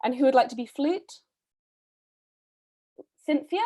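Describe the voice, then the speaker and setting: Woman host, slightly high voice, brisk and chatty on a video call. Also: warm tone. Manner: chatty, brisk, with frequent ums and little laughs. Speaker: read-a-thon host casting readers. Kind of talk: casual live-stream casting call.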